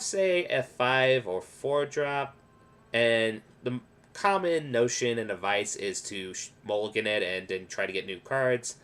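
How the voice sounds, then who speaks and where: A man talks through card game strategy in a loose, rambling way, often acting out what other players might say. His pitch swings widely from line to line. His tone is bright and forward. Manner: explanatory, rambling with restarts and quoted asides. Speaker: gaming video creator. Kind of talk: casual gameplay tips commentary.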